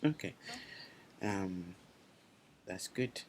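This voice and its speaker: A man's voice: low-pitched, expressive, very slow, slight background noise. A man teaching a language class online, talking loosely, repeating himself and checking in with his students.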